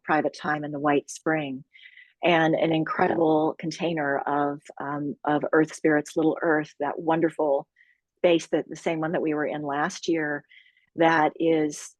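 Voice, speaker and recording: A woman who leads healing retreats, talking calmly and earnestly as a guest in an interview, with measured pauses. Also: low voice, no room sound. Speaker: sexual healing retreat leader.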